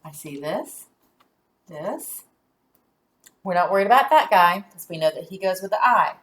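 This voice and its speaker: A woman teacher giving a phonics lesson to young children, sounding out letters and syllables deliberately and praising answers. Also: fairly low pitch, lively intonation, a bit bright.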